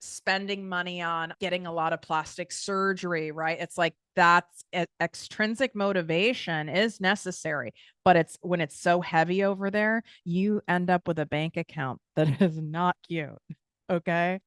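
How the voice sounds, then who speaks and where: A woman's voice: lowish voice, fairly even intonation, normal speed, a bit bright, smooth, no room sound, clean studio sound. A woman with an American accent hosting a podcast, giving a blunt, casual motivational talk full of swearing and tangents. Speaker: podcast host and business coach.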